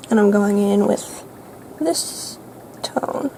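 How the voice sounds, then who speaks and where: Teenage girl, casual makeup vlog, rambling self-narration, slightly high voice, faint background hiss. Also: normal speed, poor audio. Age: teens. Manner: soft, light voice at times. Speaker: vlogger. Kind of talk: chatty makeup get-ready-with-me vlog.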